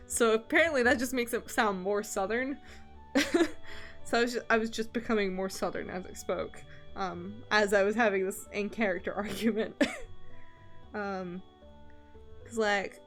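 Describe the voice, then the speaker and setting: Giggly streamer woman, mixed Canadian-American accent. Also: on the high side. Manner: giggly, laughs often between phrases. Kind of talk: casual stream chat. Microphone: desk microphone.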